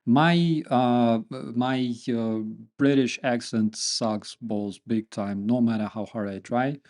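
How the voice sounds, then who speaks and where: Slow-talking Ukrainian man with a joking manner. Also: medium pitch. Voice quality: animated, joking, with many fillers. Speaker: channel host. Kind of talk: casual chat with viewers, reading comments.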